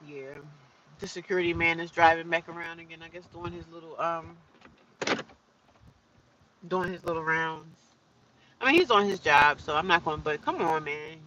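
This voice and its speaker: Bright-voiced woman livestreaming from her car. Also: low-pitched, moderate pace, pauses often, recorded from a distance, dull audio, slight background noise. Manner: chatty, rambling, talks to viewers. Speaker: livestreaming vlogger. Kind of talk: casual livestream chat. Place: inside a parked or slowly driving car.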